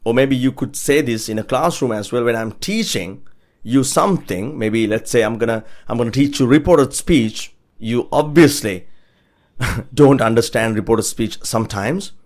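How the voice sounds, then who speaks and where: A man teaching an English lesson, upbeat and encouraging, who drills everyday phrases by saying them slowly and repeating them. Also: medium pitch, animated.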